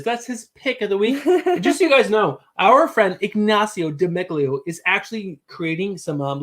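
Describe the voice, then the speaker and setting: A man's voice: high voice, a bit bright. A man co-hosting a casual live stream, talking in an easygoing, rambling way. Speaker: co-host.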